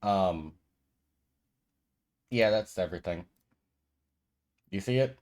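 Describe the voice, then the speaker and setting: Low-voiced man running a game stream. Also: takes it slowly, a little mellow. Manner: chatty, laughs easily. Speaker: game storyteller and stream host. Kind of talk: casual game-night chat.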